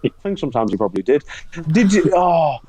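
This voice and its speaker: A man's voice: a little high, sing-song, fast talker, dark tone, breathy edge, dry recording, poor audio. A young man, co-hosting a podcast and telling a funny story in casual chat, laughing often. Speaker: podcast co-host.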